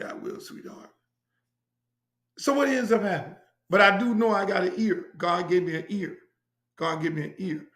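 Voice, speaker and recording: This middle-aged man from Miami, USA, hosts his own show and tells stories casually in a brash, profane, repetitive style. His voice is high-pitched and somewhat bright, and the recording is reverberant.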